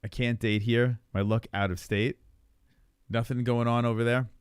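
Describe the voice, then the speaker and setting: A man in his forties with a New York accent, rambling and swearing in casual live stream chat while high, chuckling often. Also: level tone, normal speed, clear, resonant tone, dry recording, clean studio sound. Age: 40s.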